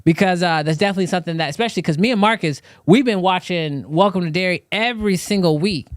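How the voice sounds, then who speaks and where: A man's voice: high-pitched, quick pace, no echo, studio quality. A man hosting a live show, talking loosely and chatting straight to his viewers. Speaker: show host. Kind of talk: casual live-stream chat.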